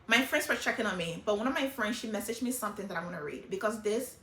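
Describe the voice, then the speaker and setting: A middle-aged woman talking casually and emotionally about her life, in an animated, hyper way. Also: mid-range voice, quick pace, echoey room, slight background noise. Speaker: vlogger sharing life lessons. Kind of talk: casual personal talk.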